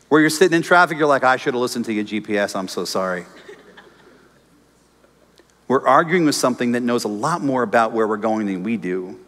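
A man preaching a sermon as pastor, telling stories with humor and acting out the voices of the people he quotes. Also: mid-range voice. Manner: animated storytelling, acts out quoted voices, jokes with congregation. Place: church auditorium. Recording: long reverb of a church hall.

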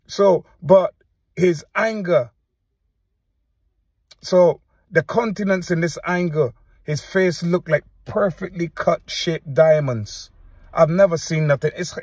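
A preacher speaks to the camera in a somewhat high, husky man's voice. He talks earnestly, breaking off and restarting his sentences as he describes what he saw. The sound is dry and close. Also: no room sound. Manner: earnest, halting, recounts visions with many restarts. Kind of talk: testimony to camera.

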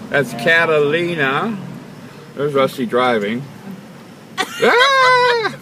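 A man's voice: mid-range voice, a little slow. A man casually narrating as he films his friends, playful and chatty like a tour guide, on a handheld camera mic outdoors and in a car. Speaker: vlogger filming his friends. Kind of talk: casual narration while filming. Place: outdoors and in a car, near the ocean. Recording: loud wind and vehicle noise.

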